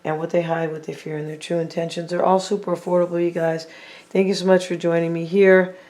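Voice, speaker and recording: A tarot reader talking casually to viewers while laying out cards, thinking out loud and often saying what they feel, with playful teasing asides. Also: mid-range voice, level tone, fairly quick. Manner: chatty, thinking aloud, repeats and hedges with "I feel like".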